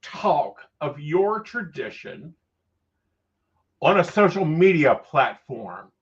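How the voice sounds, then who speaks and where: A man's voice: a little high, sing-song, slow pace. A man hosting a casual chat, gossipy with dry, wry asides. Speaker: psychic host. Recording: dull lo-fi sound.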